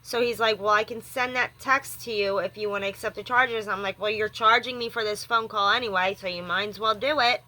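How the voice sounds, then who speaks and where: A woman's voice: medium pitch, steady tone, a little fast, few pauses, pushed and bright. A young woman vlogging, rambling through an upset story about a phone company and acting out both sides of the calls. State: rattled and upset. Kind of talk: venting story to camera.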